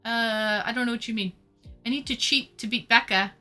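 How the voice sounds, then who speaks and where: A woman's voice: on the high side, normal speed, bright, forceful tone, soft background music. A Canadian woman hosting a casual live stream, chatting with viewers, reading out their comments and thanking them.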